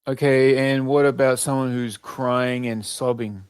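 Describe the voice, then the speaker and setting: A man in a casual test session, pushing an assistant with insistent requests. His speech halts and restarts as he searches for words, and his voice sits at an ordinary pitch in a dry setting. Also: steady tone, unhurried, clean tone, no echo. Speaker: user testing the assistant. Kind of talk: casual instructions.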